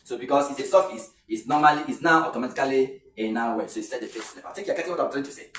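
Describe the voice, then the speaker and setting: A man with a Nigerian English accent teaching pronunciation in an online lesson. He explains slowly and repeats words, drawing them out. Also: medium pitch, fairly bright tone, soft background music. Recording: echoey room, voice a bit far from the mic.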